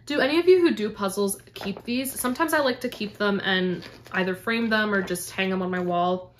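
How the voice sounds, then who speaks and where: A young woman from Canada talks straight to camera in a casual book vlog, her voice sitting at an ordinary middle pitch. She gushes effusively and keeps doubling her words for emphasis. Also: moderate pace, slight background noise. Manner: gushing, effusive, repeats "so, so". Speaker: book vlogger. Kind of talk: casual unboxing chat to camera.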